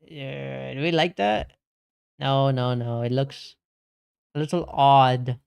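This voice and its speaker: A man's voice: mid-range voice, takes it slowly, creaky, darkish tone, clear, resonant tone. A young man streaming games, chatting casually with his chat and reading messages aloud, laid-back and saying "bro" a lot. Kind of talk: casual live-stream chat while gaming.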